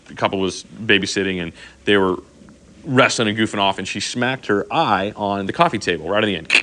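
A middle-aged man preaching a sermon, telling stories in a conversational way and often checking in with "okay?". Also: low voice. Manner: conversational, animated storytelling with frequent "okay?" asides. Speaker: pastor.

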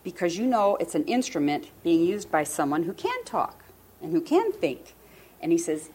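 A woman's voice: lowish voice, very animated, a little fast, darkish tone, a little hiss or hum. A woman in her sixties giving an earnest, emotional personal testimony in a church talk on marriage. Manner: earnest and emotional, quotes others vividly. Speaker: marriage ministry speaker.

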